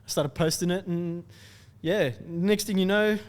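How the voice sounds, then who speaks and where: An upbeat young Australian man with a slightly high voice tells stories in a rambling, lively way and breaks into laughter and quick impressions. His voice rings out with a long reverb in the room. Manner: animated, laughs often, slips into impressions. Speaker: content creator guest. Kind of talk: casual storytelling chat.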